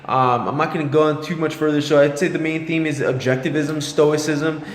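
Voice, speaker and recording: A man's voice: a little high, fairly even intonation, brisk. A man vlogging about a book he read, thinking aloud in a rambling, loosely structured way. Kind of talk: casual book talk to camera. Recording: echoey room with long reverb.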